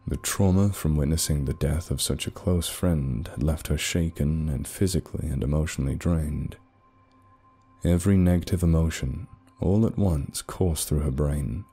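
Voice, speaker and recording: A deep, mellow male voice tells a dark story. He reads at a measured, dramatic pace. Faint background music plays beneath him. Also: slightly rough. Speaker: narrator. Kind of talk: scripted story narration.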